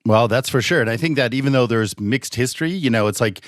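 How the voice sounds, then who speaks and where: A man's voice: medium pitch, fast, no room sound, clean studio sound. A man chatting on a podcast as guest host, emphatic and enthusiastic. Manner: enthusiastic, emphatic, jumps in with asides. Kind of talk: casual podcast chat.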